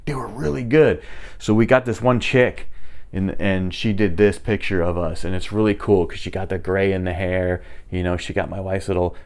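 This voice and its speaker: A man's voice: low voice, normal speed. A middle-aged man casually telling rambling stories while giving a tour of his home. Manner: chatty, rambling, animated when retelling. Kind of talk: casual storytelling.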